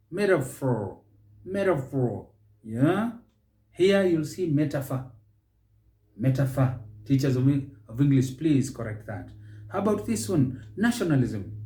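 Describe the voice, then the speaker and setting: Kenyan man drilling pronunciation, lively pitch. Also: roomy sound. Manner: drills each word by repeating it slowly. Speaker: pronunciation teacher. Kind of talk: instructional monologue.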